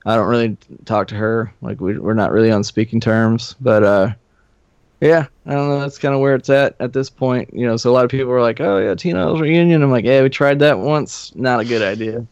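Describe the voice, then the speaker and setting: A middle-aged man, a podcast guest, telling old band stories in a relaxed, profane, laughing way. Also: medium pitch, brisk, smooth, no room sound. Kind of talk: casual storytelling. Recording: slightly muffled dry studio recording.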